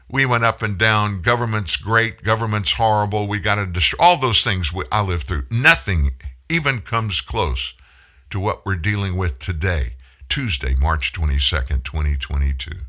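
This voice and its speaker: Low-ish and sharp in tone, this sixty-something political talk show host delivers emphatic commentary. He hits individual words hard and drags out the important ones, slowing for effect.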